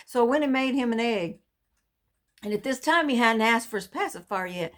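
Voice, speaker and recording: A woman's voice: a little high, lively intonation, fast talker, a bit bright. A mother earnestly telling a personal faith testimony in a folksy storytelling way.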